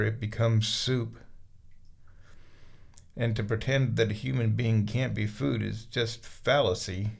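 A man's voice: medium pitch, gravelly, darkish tone. A man chatting casually in a bathroom while sitting in a bathtub, talking playfully to his cat and rambling about whatever crosses his mind.

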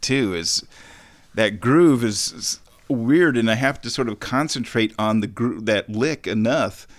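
A man's voice: mid-range voice, unhurried. A man hosting a radio show, talking casually on his own in a rambling, easygoing, chatty way. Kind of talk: casual solo radio talk.

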